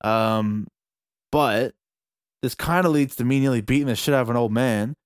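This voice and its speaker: A young man with an Australian accent telling a story in a casual chat, animated and swearing freely. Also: mid-range voice, normal speed, clean tone, dry recording, clean studio sound.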